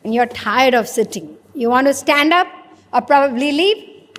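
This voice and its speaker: A woman preacher, her voice pitched high as she poses questions to the audience and answers them herself. A long reverb from the hall trails after each phrase. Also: expressive, normal speed. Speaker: spiritual preacher. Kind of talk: sermon.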